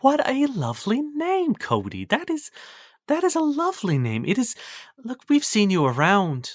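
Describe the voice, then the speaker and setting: A motherly halfling cook with a lifted, swooping voice fusses and soothes in a tabletop game. A man puts her on, pitching well above his own voice. The sound is close and completely dry. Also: sing-song, moderate pace, a bit bright, dry recording. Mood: soothing. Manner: fussing, apologetic, soothing. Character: flustered kind halfling woman cook, motherly.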